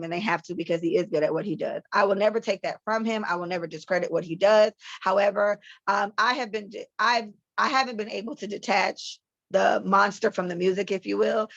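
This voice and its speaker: Gravelly, blunt-talking woman podcaster. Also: medium pitch, dry recording. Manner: blunt, profane, animated storytelling. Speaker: podcast co-host. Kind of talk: casual commentary. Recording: slightly muffled dry podcast mic.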